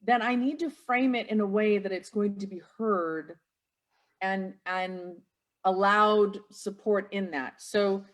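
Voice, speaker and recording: A woman's voice: medium pitch, slow. A middle-aged woman speaking reflectively on a live stream, often restarting her sentences. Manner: reflective, searching for words with restarts. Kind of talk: casual conversation on a live stream.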